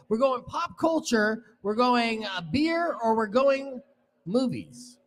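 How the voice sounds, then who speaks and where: A man hosting a live game at a bar event, teasing the players with a quick, playful announcer delivery. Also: extremely high pitch, very animated. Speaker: radio host running a live game.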